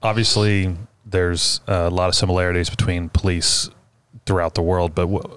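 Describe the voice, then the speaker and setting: Deep, smooth-voiced male interviewer. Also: level tone, normal speed, no echo. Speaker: podcast host. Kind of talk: casual interview.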